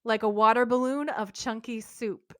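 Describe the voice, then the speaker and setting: A woman's voice: fairly high pitch, fairly even intonation, moderate pace, close to an everyday voice. A woman quoting a nervous, rattled man while recapping a TV episode.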